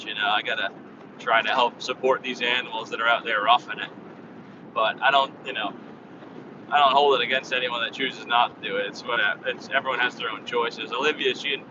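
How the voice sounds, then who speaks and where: Male van-life vlogger, rambling and monotone, distant dull audio under heavy road noise. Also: medium pitch, brisk. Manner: rambling, filler-heavy, flat tone. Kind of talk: casual chat while driving. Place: inside a moving vehicle on a highway.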